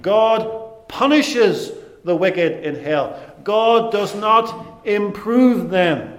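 Man, preacher, sermon, high voice, emphatic dramatic pauses, echoey hall sound. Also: lively intonation.

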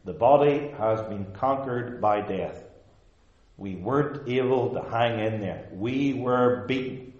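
Male pastor, mid pitch, measured emphatic sermon delivery, roomy church sound with dull, muffled highs. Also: darkish tone. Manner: measured, emphatic preaching with repeated short phrases. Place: church service before a live congregation.

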